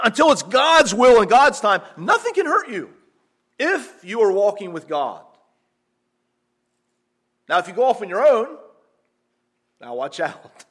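A middle-aged American missionary preaches with a notably high voice, his accent faintly shaded by years of South African English. He talks to the congregation conversationally, then builds to animated emphasis and asks them questions. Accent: American, slightly mixed with South African English. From Pennsylvania, USA. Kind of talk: sermon.

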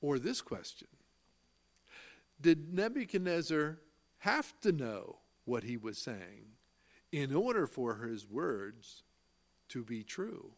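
A man with a mid-range, very animated voice preaches a sermon, reading scripture aloud in old-fashioned wording and explaining it. His delivery is slow and emphatic, stressing key phrases and posing questions to the listeners that he then answers himself.

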